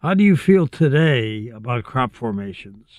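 A man's voice: medium pitch, very animated, normal speed, darkish tone, dry recording, muffled recording. A man hosting an interview, asking his guests direct questions. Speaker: host.

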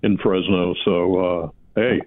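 A man's voice: low-pitched, fairly even intonation, slow, slight background noise. Teasing man on a tinny phone line. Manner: teasing, joking. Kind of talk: casual radio chat.

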